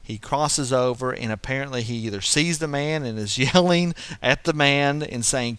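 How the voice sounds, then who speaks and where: Smooth-voiced man teaching scripture. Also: mid-range voice, normal speed, few pauses, fairly bright tone, dry recording. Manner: explanatory, thinking aloud with frequent restarts. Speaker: Bible teacher. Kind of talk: verse-by-verse Bible teaching.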